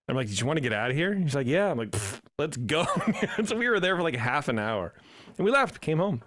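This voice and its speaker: Animated male podcast co-host. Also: mid-range voice, fast, no room sound, studio quality. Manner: animated storyteller, acts out quotes. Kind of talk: casual chat.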